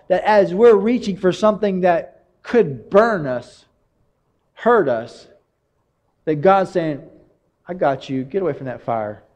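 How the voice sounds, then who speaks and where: Male pastor, sermon, high voice, earnest, stumbling restarts, long hall reverb. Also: darkish tone. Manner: earnest, confessional, rambling with many restarts.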